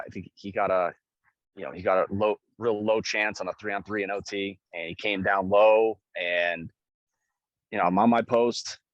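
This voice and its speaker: A young man with a low, deep voice tells a game story in loose, casual speech. He gets swept up, swears freely and repeats himself for emphasis. The recording is dry and close, with little room sound. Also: no echo, dull audio. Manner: excited, swears, repeats phrases. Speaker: guest, pro hockey goaltender.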